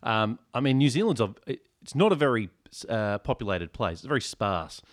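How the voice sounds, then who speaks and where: A man's voice: medium pitch, sing-song, normal speed. A man, co-hosting a casual comedy podcast and telling stories in a dry, joking way. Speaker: podcast co-host.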